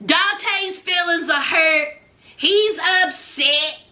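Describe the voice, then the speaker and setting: A chatty woman recaps a reality show with plenty of sass and frequent laughter. Her voice sits very high and sounds sharply bright. She talks at an unhurried pace. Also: roomy sound. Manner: sassy, chatty, laughs often, calls viewers honey and y'all.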